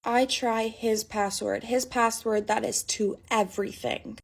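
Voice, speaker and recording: A woman's voice: a little high, steady tone, unhurried, gravelly. A young adult woman telling a personal storytime in a dramatic, emphatic way. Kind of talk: storytime narration.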